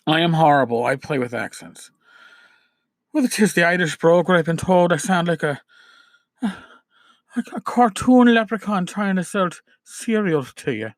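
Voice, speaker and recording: Here the New York podcast host talks at a moderate pace, his voice on the high side and expressive. Chatty and prone to repeating himself and restarting phrases, he offers casual advice that alternates between emphasis and quieter asides, captured in a dry, studio-quality recording.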